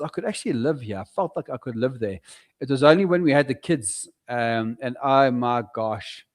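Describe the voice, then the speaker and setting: A middle-aged South African man, a property investor, telling his story animatedly in a casual podcast interview. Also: medium pitch. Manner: animated storyteller, acts out his own past words.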